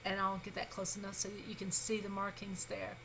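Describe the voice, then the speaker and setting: Bright-voiced woman teaching a grammar lecture. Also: mid-range voice, monotone, a little fast, creaky, a little hiss or hum, rough recording. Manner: patient, reassuring, with frequent um fillers and self-corrections. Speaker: Hebrew grammar instructor. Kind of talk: recorded lecture.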